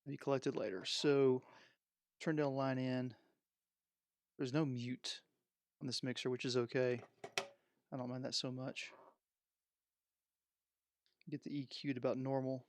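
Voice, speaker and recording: A man's voice: mid-range voice, flat delivery, measured pace, pauses often. A man live-streaming from his home studio, rambling and thinking aloud as he unpacks and wires up music gear. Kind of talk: unscripted live stream chat. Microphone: headset microphone.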